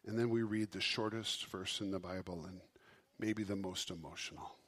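A man preaching a sermon as pastor, impassioned, swinging from loud emphasis down to a soft hush. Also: sits low, fairly even intonation, normal speed.

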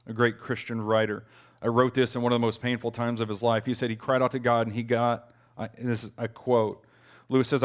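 In a voice of medium pitch, a man in his thirties delivers a sermon as pastor, earnest yet conversational. His voice rises whenever he quotes a lament.

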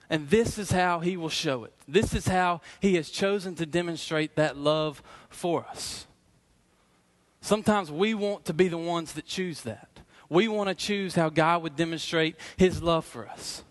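A middle-aged man preaching a sermon as pastor, earnest and emphatic, slowing down to repeat key phrases. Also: a little high.

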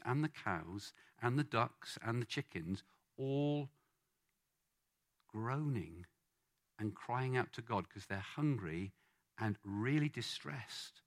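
A man preaching a sermon, playfully coaxing the congregation to join in. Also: on the low side. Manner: lively, playful, coaxing the crowd.

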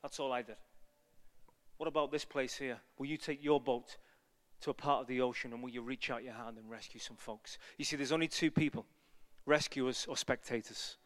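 A man preaching an evangelistic sermon, telling a story and building to loud, passionate appeals. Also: medium pitch, fairly even intonation, normal speed, long reverb tail.

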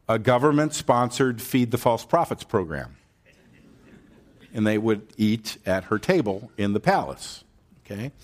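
A man preaching a sermon, retelling a Bible story in a casual way, with asides to the congregation and dramatic jumps in voice when he quotes someone. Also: medium pitch.

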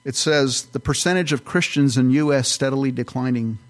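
A man's voice: mid-range voice, brisk. A man, a pastor, teaching through a Bible passage verse by verse in a conversational, explanatory way.

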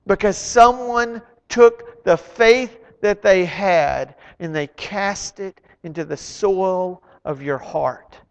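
High-voiced man preaching in a hall. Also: clear, resonant tone, dull audio. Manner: dramatic, voices the figures in the stories he retells; swings from loud emphatic to hushed. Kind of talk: sermon. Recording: long hall reverb.

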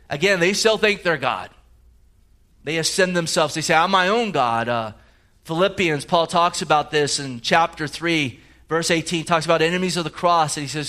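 A man's voice: on the high side, pushed and bright. A man preaching a sermon in a conversational way, with frequent restarts and asides as he explains scripture. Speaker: pastor.

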